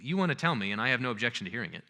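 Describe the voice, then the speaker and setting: A man voicing a sarcastic older husband who answers in a flat, dismissive way. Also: rapid-fire, big-room sound. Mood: dry. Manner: flat, dismissive, low-key.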